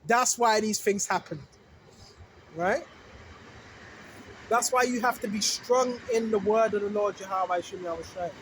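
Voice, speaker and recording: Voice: medium pitch, a little slow, long pauses, background noise. A religious video maker preaching casually to viewers, repeating phrases for emphasis, restarting sentences and often asking "right?". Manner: self-correcting, restarts phrases.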